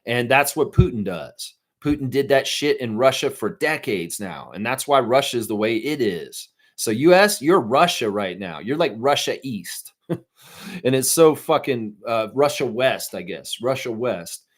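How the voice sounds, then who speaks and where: A man's voice: mid-range voice, animated, unhurried. Middle-aged guy ranting on his live stream, swears a lot, fired up, reads chat. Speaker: fan stream host.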